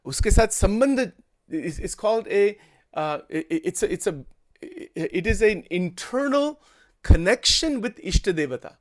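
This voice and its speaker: A man leads a satsang, his voice sitting high for a man. He explains patiently, repeats key words and often restarts his sentences, mixing English with Hindi phrases. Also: expressive, moderate pace. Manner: frequent restarts and stammers. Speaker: spiritual teacher. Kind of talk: daily satsang discourse.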